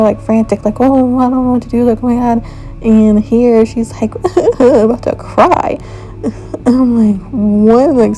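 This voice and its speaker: A woman's voice: fairly high pitch, warm tone, low-quality recording. A woman giving a frank, opinionated review in a casual rant, often exasperated. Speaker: video reviewer.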